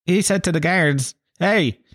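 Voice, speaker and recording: A man's voice: medium pitch, animated, unhurried, dry recording, clean studio sound. A man with an Irish accent hosting a podcast, rambling through a crude comedic monologue, swearing freely and laughing at his own jokes. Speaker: podcast host.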